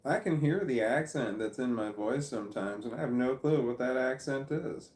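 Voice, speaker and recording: In an echoey room, a Midwestern American man talks to a nearby phone or camera in a meandering, self-mocking vlog where he keeps drifting off topic. His mid-range voice is expressive and darkish, at a normal speed.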